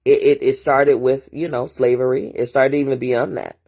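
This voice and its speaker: A woman's voice: a bass voice, fairly even intonation, moderate pace, mellow. A woman talking as a therapist and host in a casual morning monologue, emphatic and preachy, hammering points home through repeated phrases and rhetorical asides.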